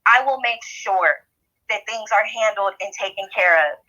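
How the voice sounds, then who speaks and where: Profane, threatening woman, sharp bright voice. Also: medium pitch, normal speed. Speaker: mother addressing a Clubhouse room. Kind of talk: angry threatening rant on an audio chat app. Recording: narrowband app audio.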